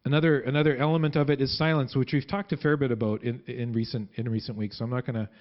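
A man's voice: medium pitch, fairly even intonation, lo-fi sound. A man preaching a sermon in a church, talking conversationally and often restarting his sentences. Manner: conversational, halting with many restarts. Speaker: pastor.

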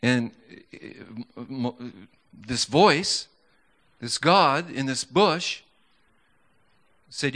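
A man's voice: medium pitch, expressive, drawn-out words, long pauses, fairly bright tone. A man preaching a sermon in a conversational storytelling way, with stammers and restarts, building to fervent emphasis.

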